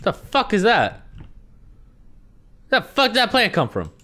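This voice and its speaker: A young man commenting on a horror game he is playing, sarcastic and swearing, jumping between low mutters and startled yelps. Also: huge pitch swings, unhurried, sharp tone, a little hiss or hum. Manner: jumpy, sarcastic and profane, swinging from muttering to yelps. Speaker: gaming video host. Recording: faint music behind the voice.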